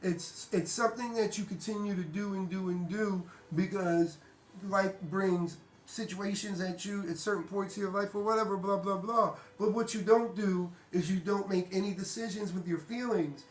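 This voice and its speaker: Speaking at a normal pace in an echoey room, this male vlogger has a high voice with fairly even intonation. His off-the-cuff pep talk is forceful and direct, laced with profanity and repetition.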